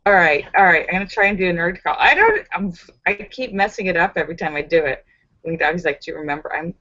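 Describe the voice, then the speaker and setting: Reading comments from her viewers, this stream host giggles frequently and chats casually, full of fillers and restarts. She speaks fast in a fairly low, expressive voice with a sharp tone, over slightly dull lo-fi audio.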